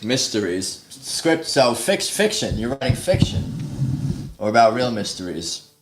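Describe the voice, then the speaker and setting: A man's voice: mid-range voice, big pitch swings, a little slow, reverberant, a little hiss or hum. Rambling man chatting on a livestream. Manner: rambling, thinks aloud, self-deprecating. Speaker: livestream host. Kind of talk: casual livestream chat while practicing guitar. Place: home practice room. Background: guitar playing.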